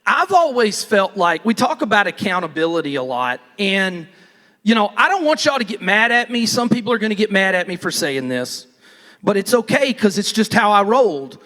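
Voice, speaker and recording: A man talks to a conference crowd in a very high voice that swoops around a lot. His talk is folksy and rambling, full of restarts and asides. The sound rings with the long reverb of a big hall. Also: big pitch swings, normal speed, bright, forceful tone. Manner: folksy, rambling, self-interrupting. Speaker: real estate team leader speaking on stage. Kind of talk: casual motivational talk.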